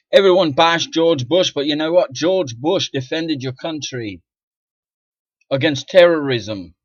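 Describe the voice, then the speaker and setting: A middle-aged man vlogging an indignant, profane rant to camera, dropping to mutters and then bursting out loudly. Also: mid-range voice, dry recording. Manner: profane, indignant, swings from muttering to loud outbursts. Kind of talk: ranting monologue to camera. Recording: dull lo-fi dry sound.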